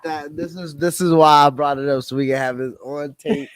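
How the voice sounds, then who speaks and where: A young man in a casual podcast chat about sports, excitable and teasing. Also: a little high, normal speed. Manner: excitable, teasing, says bro.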